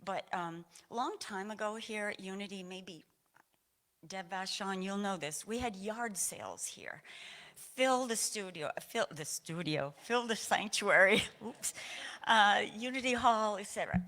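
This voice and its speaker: A woman's voice: mid-range voice, unhurried, bright, forceful tone. A woman from Aroostook County, Maine, sharing a personal testimony at a church service in a meandering, conversational way, audibly emotional.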